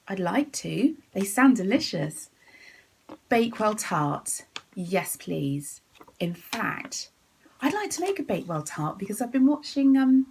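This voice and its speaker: A woman hosting her knitting podcast from home, chatting and giggling, often dropping into a soft whisper. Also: mid-range voice, gravelly, husky, low-quality recording. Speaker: podcast host. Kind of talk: casual chat about knitting.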